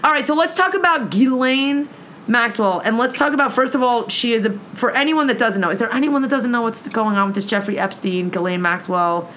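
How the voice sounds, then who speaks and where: A woman's voice: fairly high pitch, a little fast, fairly bright tone, slight background noise. A woman co-hosting a casual podcast chat, playful and chatty, drawing out her asides. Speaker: podcast co-host.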